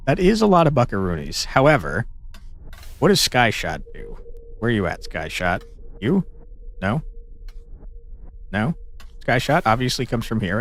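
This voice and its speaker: A man commenting on a game he is playing, talking in a joking, sarcastic, animated way. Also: mid-range voice. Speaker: gaming channel host. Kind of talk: let's play commentary.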